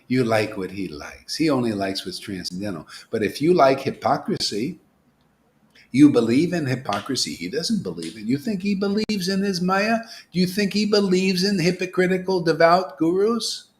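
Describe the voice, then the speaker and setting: A man giving an informal, animated devotional talk as a spiritual teacher, dropping to whispers and rising to exclamations. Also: medium pitch, a little hiss or hum. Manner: animated preaching, swings from whispers to loud exclamations.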